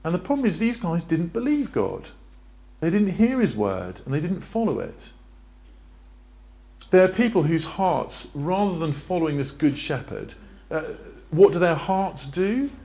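A male preacher delivers a sermon in a church with an animated, swooping delivery and a slightly high voice. He keeps putting questions to the congregation and sketches on a board as he goes. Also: unhurried. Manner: lively, asks the congregation questions, draws on a board.

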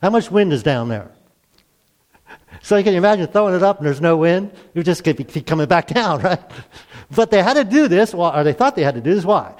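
A man's voice: high voice, sing-song, brisk. A male pastor preaching a sermon in a conversational way, asking rhetorical questions. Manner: conversational, asks rhetorical questions, acts out quotes.

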